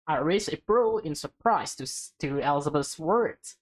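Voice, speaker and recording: A woman's voice: sits low, lively intonation, moderate pace. A young woman streaming a visual novel, reading it aloud and reacting emotionally with laughs. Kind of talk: casual let's-play reading and reactions.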